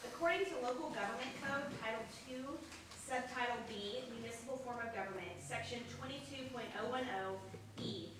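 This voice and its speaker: A woman reads her prepared public comment briskly and formally, citing legal code. She is picked up from a distance in a very echoey chamber, with clear room noise behind her. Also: a little high. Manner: brisk, formal, cites statutes. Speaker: public commenter at a council meeting. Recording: echoey council chamber from far off.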